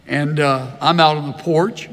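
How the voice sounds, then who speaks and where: An older man preaching a sermon, telling folksy stories in a slow, easy drawl. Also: a little high, steady tone, a bit bright, big-room sound. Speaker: pastor. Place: large church hall.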